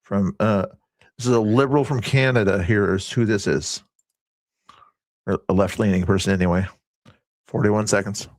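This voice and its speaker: A man's voice: lowish voice, moderate pace, long pauses, no echo. Rambling man hosting a late-night stream. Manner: rambling, chatty, reads chat aloud. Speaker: livestream host. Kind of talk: casual livestream chat.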